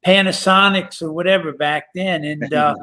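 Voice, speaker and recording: A male podcast host in casual chat, rambling and halting with many fillers. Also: fairly high pitch, fairly even intonation, pushed and bright. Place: Pennsylvania.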